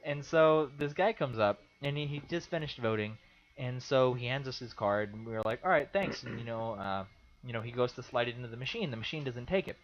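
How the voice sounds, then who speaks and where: A man's voice: mid-range voice, fairly quick. A young man from California, a podcast co-host, telling stories in casual chat and acting out the people he quotes. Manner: animated storyteller, acts out quotes loudly. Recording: dull lo-fi sound.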